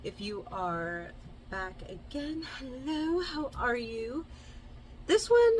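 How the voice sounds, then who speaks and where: A woman's voice: a little high, sing-song, slow, a little hiss or hum, poor audio. A young woman from Kansas with a Midwestern American accent, chatting casually as she hosts a book review. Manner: bubbly, chatty, lots of asides. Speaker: book reviewer, channel host.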